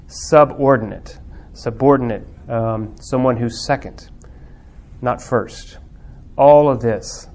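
A man teaching a Bible class on theology and religious art. He speaks reflectively with many pauses and fillers, then builds to fervent emphasis. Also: medium pitch, darkish tone.

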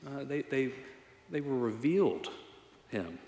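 Man, pastor, conversational sermon, earnest, self-deprecating, mid-pitched voice, roomy church echo. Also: big pitch swings, a little slow, mellow. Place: church sanctuary. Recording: echoey hall reverb.

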